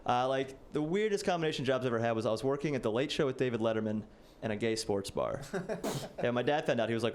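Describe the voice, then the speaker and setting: A late-twenties stand-up comedian, very animated and brisk, delivers a casual set that mostly mocks himself, peppered with "like." He performs on stage for a live audience in a mid-range voice with a darkish tone.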